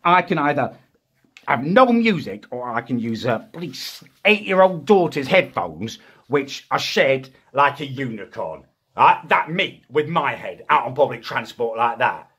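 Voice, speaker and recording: Young man, husky voice, exasperated comic rant, pitch leaps all over. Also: very animated, unhurried, a bit bright. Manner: exasperated, indignant ranting with sudden high outbursts. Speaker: comic ranting character. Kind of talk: comedic rant to camera.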